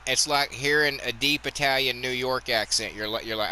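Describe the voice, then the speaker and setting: A man's voice: medium pitch, moderate pace, sharp tone, a little hiss or hum. A man with a twangy Southern drawl, casually rambling and swearing as a gaming channel host. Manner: rambling, candid, swears freely. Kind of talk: casual gameplay commentary.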